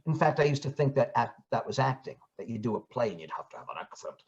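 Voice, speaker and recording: A man's voice: mid-range voice, quick pace, vocal fry, husky. An older man from Brooklyn, an actor and audiobook narrator chatting in an interview, telling stories with many restarts. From Brooklyn, New York. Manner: animated storyteller, restarts and fillers, slips into voices. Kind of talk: casual interview chat. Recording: slightly dull lo-fi audio.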